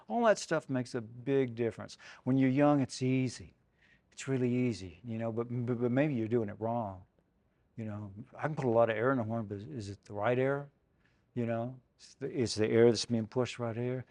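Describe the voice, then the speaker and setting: A man's voice: medium pitch, a little mellow, dry recording. An older man giving a saxophone workshop, talking loosely and conversationally, with many "you know"s and "man"s. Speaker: saxophone clinician. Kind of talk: casual spoken workshop talk. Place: music shop event space.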